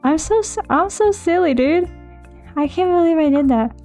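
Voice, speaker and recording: A woman's voice: extremely high pitch, expressive, normal speed, darkish tone, faint music behind. A young American woman chatting casually with her live-stream viewers, bubbly and self-mocking. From United States.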